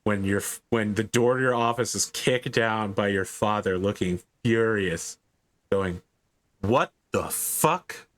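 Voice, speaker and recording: A man's voice: lowish voice, fairly even intonation, measured pace, a bit bright. A man narrating as game master of a tabletop game, describing scenes in a laid-back way.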